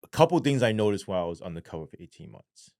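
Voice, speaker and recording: Low-voiced man, blunt and profane storyteller, dry close mic. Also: big pitch swings, rapid-fire, gravelly, darkish tone, dry recording. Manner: blunt, heavy swearing, frequent "right?" asides. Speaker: podcast guest, former police sergeant. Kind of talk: casual interview storytelling.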